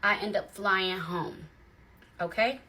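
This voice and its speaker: A young adult woman telling a personal story to viewers in a chatty, animated way. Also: medium pitch, takes it slowly. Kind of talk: casual storytime chat. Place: bedroom.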